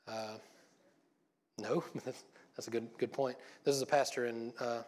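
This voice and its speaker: A man's voice: mid-range voice, fairly even intonation, unhurried, a little mellow. A man giving an informal church sermon, folksy and rambling, with joking asides to the congregation. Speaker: lay preacher.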